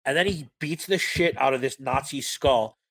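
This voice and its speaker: With a husky, slightly bright, medium-pitched voice and some vocal fry, a man co-hosts a podcast at a moderate pace, and there's no echo. He talks film enthusiastically and profanely, acting out scenes in funny voices.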